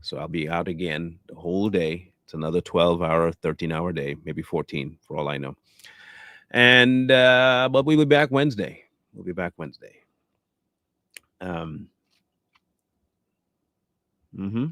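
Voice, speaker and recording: A man's voice: low voice, unhurried, long pauses, fairly bright tone, dry recording, studio quality. A man hosting a casual live show, rambling and repeating himself as he chats with viewers. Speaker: host. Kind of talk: casual livestream sign-off chat.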